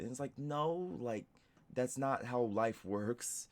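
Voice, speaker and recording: A man's voice: mid-range voice, animated, measured pace, a little mellow. A young man streaming casual reaction commentary, rambling with lots of "like" and restarts. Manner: rambling, heavy use of "like" and restarts.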